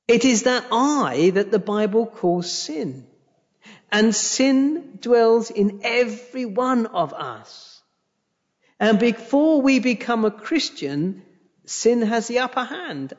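A man preaching a sermon slowly and emphatically, with long pauses between phrases, recorded from a church live stream. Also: sits high. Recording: dull live-stream audio in a reverberant church.

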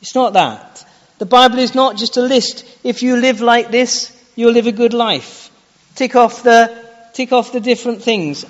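Speaking a little slowly, a man with a high voice preaches in a church and confronts the congregation with direct, challenging questions. His voice echoes with long reverb on a dull, lo-fi recording.

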